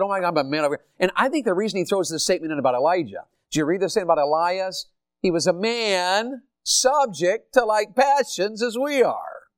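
An older pastor with a Tennessee Southern accent preaches an animated sermon, putting questions to his congregation. His voice sits high, and the recording is clean studio quality with no echo.

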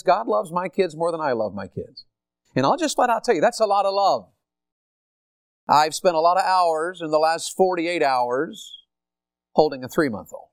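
Animated older Southern pastor preaching. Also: male voice, on the high side, dry recording, studio quality. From Tennessee. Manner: animated, asks the congregation questions. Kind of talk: sermon.

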